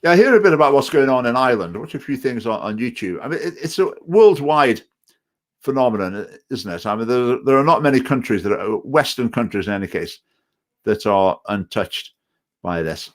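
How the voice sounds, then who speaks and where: Stoke-on-Trent man, party chairman, chats casually through viewer comments; halting, repeats words, opinionated. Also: mid-range voice, animated. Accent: Stoke-on-Trent English with some Scottish phrases. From England. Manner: hesitant, repeats words, digressive opinionated talk. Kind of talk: casual live-stream chat reading out comments.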